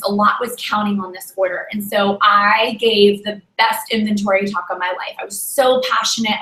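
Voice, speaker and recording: A woman giving a motivational talk to her sales team, telling a story animatedly and acting out the dialogue. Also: medium pitch. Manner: animated, acts out dialogue, exhorting. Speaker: direct sales leader. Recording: roomy echo.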